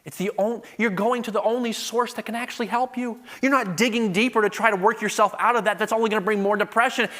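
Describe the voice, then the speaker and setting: A middle-aged man preaching a sermon, moving from quiet storytelling to loud, emphatic peaks. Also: very high voice.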